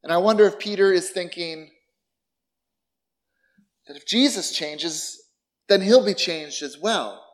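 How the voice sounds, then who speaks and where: A middle-aged man preaching a sermon as pastor, conversational and expressive, with rhetorical questions and wry asides about himself. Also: high voice, unhurried, pauses often.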